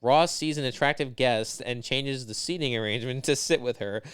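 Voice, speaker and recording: A man co-hosting a comedy podcast, riffing and ranting in a profane, rapid-fire way. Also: mid-range voice, a bit bright, clear, resonant tone, dry recording, studio quality. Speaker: podcast co-host. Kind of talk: casual comedy podcast chat.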